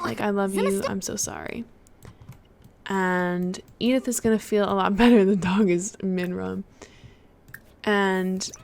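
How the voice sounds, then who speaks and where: Soft-spoken woman narrating a game over loud sound. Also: mid-range voice, slight background noise. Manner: chatty, lots of fillers. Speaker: gaming channel host. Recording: loud game audio underneath.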